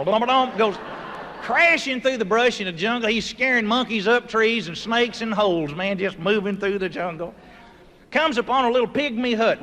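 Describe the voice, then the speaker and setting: A man telling folksy stand-up stories and bursting into loud voiced sound effects, recorded live. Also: high-pitched, a little hiss or hum. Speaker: comedian. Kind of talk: stand-up storytelling. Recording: live show recording from a hall with audience ambience.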